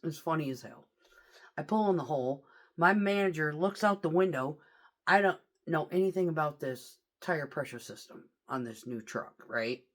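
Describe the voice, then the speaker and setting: A woman's voice: low-pitched, expressive, moderate pace. A woman truck driver telling a story in a casual vlog, swearing freely and talking animatedly.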